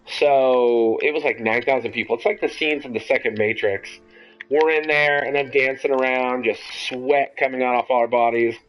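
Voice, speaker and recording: A young man hosting a podcast, telling a long story in a casual, rambling, animated way and swearing freely. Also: mid-range voice, moderate pace, soft background music. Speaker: podcast host. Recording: dull lo-fi audio.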